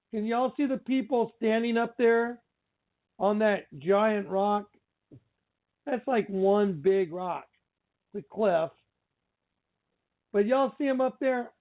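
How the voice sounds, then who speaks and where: A man hosting a religious talk radio show, telling a story in an excitable, exclaiming way with lots of repeated phrases. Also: high voice. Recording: tinny phone-like line.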